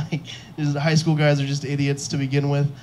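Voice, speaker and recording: A man's voice: a little high, monotone, normal speed, a little mellow, slight background noise. A young man performing a stand-up comedy set on a club stage into a handheld mic, self-deprecating and chuckling at his own jokes.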